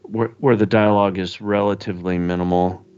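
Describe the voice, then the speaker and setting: A man co-hosting a podcast, chatting about films in a halting way full of restarts and fillers. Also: fairly low pitch, steady tone, a little mellow, clear, resonant tone. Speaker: podcast co-host. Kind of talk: casual film discussion. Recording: dull lo-fi audio.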